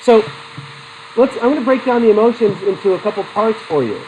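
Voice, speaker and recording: A man's voice: high voice, expressive, brisk, darkish tone, slight background noise, rough recording. Chatty male psychology teacher. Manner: chatty, digressive, poses questions to the class; laughs often between points. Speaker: psychology instructor. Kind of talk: classroom lecture.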